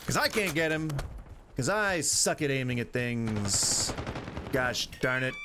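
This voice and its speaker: A man streaming a shooter game and commenting casually, joking at his own expense with sudden loud exclamations. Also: medium pitch, measured pace, background noise. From United States. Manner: self-deprecating, joking, animated exclamations. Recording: loud game gunfire behind. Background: loud game gunfire and shooting.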